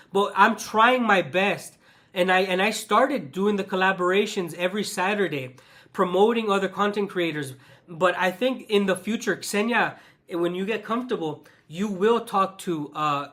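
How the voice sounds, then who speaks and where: A Western man hosts his own channel with a ranting vlog monologue, passionate and full of repetition and restarts. His voice is high-pitched, pushed and bright, at a moderate pace.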